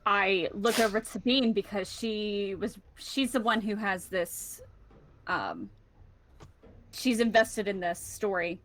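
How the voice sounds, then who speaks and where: A woman's voice: medium pitch, expressive, slow, fairly bright tone, a little hiss or hum. A woman playing a tabletop game, chatting and describing what her character does. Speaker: player. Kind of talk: casual tabletop play.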